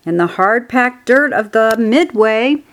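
A woman's voice: a little high, animated, measured pace, a bit bright. A woman voicing a wise old sheep in a storybook reading, relishing and persuasive.

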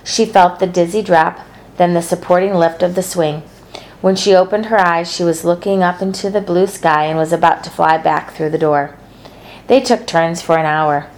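A woman narrates a children's novel aloud. Her delivery is steady and gentle, and her voice sits a little low for a woman. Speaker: storybook narrator.

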